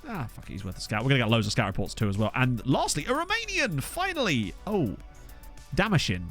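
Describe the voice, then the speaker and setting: Male gaming commentator with a lively, swooping delivery, chatty and self-mocking, soft music underneath. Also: mid-range voice, quick pace. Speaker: gaming YouTuber. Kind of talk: casual let's-play commentary. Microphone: USB desk microphone.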